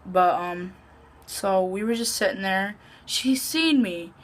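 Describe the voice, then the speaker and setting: Woman vlogger doing a story time, slow and chatty, lots of "like", swears a bunch. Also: medium pitch. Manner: chatty, heavy use of "like", swears freely. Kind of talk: casual story time telling.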